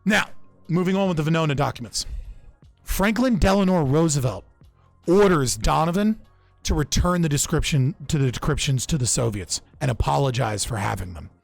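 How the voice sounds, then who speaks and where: A man's voice: fairly high pitch, expressive, moderate pace, creaky, no room sound, soft background music. A young man casually recounting political history on a podcast, loose and profane, often restarting his sentences. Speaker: podcast speaker.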